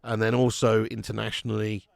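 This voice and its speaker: A man's voice: on the low side, monotone, a little fast, creaky, no room sound, clean studio sound. A man hosting a live football watch-along, chatting casually and swearing freely. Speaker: host.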